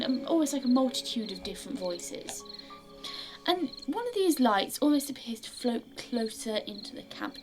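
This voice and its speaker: Woman narrating as game master. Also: on the high side. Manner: descriptive, dropping to a hush for suspense.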